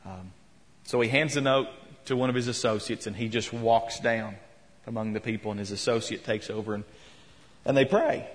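A man's voice: on the low side, moderate pace. A man preaching a sermon in a church, telling a story and retelling quotes with rising emphasis. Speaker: pastor. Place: church sanctuary. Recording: long hall reverb.

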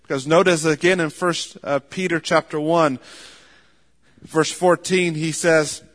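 A man with a high voice preaches a sermon in measured, emphatic phrases, stressing points by repeating words. His voice rings out with the long reverb of a large hall. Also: fairly even intonation, fairly bright tone.

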